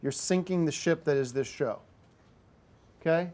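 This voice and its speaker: Angry, high-voiced man berating someone. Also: a little slow, darkish tone. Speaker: show host. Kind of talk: heated on-air argument.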